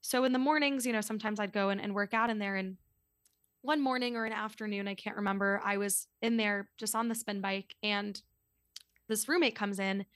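A woman in her twenties telling a story as a podcast guest, in a casual, chatty way full of "like" and quick asides. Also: medium pitch, no room sound, clean studio sound. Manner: chatty, lots of "like", animated retelling.

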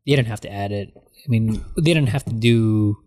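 A man's voice: lowish voice, normal speed. A man in casual film chat, rambling with many restarts and acting out lines from scenes. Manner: rambling, animated, acts out quotes.

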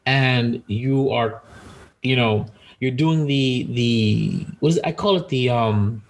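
A man in casual podcast banter who teases and jokes crudely and laughs easily. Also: mid-range voice. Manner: teasing and crude, quick to laugh.

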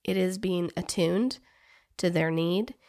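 A woman's voice: fairly low pitch, a little mellow. A woman, a therapist and parent, talking thoughtfully about parenting in an interview. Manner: thoughtful, reflective, speaks in measured phrases. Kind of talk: conversational podcast interview.

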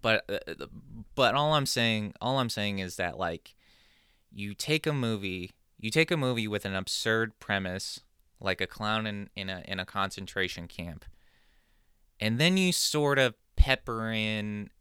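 A man's voice: on the low side, animated, measured pace, bright, forceful tone, clean tone, no room sound, clean studio sound. A man hosting a podcast, telling a casual comedic monologue in a rambling, digressive, self-deprecating way. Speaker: podcast host.

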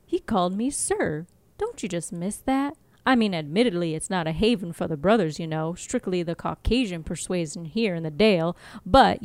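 A woman reading out a cocky, wisecracking male vampire villain in a breezy, smooth manner. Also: mid-range voice, darkish tone, no room sound, lightly acted.

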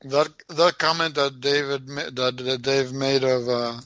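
A man co-hosting a casual podcast chat, halting and repeating words, asking wry questions. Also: mid-range voice, little pitch movement, a bit bright, no room sound. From Minnesota, United States. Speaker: podcast co-host.

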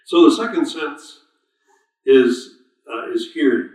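A man's voice: mid-range voice, very animated, slow pace, a little mellow. Man teaching scripture in a cavernous room. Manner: conversational, quizzes listeners, reads scripture aloud with stresses. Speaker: Bible teacher. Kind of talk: informal Bible study sermon. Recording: very echoey room, voice far from mic.

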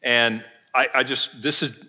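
A man's voice: mid-range voice, fairly even intonation, a little slow, pushed and bright. A middle-aged male pastor preaching a sermon, retelling a story and acting out the quoted lines.

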